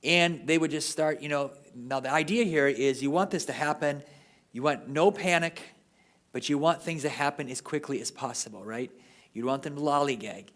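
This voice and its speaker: A man's voice: fairly high pitch, moderate pace, a bit bright. Man giving a conversational history lecture. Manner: talks off the cuff, often tags sentences with "right?". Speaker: lecturer at a parish history class.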